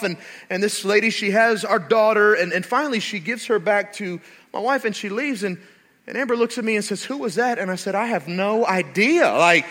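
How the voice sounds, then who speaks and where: Bright, animated male pastor preaching. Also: high-pitched. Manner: animated storytelling with rising emphasis. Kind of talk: sermon.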